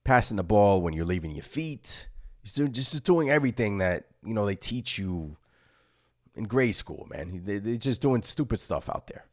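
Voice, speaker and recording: A young man with a deep voice, recorded dry and close, hosts a casual postgame show. He vents with frustration, hammers the same points again and again, and reads viewer chat aloud between his rants. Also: lively intonation, moderate pace, dry recording. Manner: frustrated, repetitive, emphatic. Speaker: host of a fan postgame show.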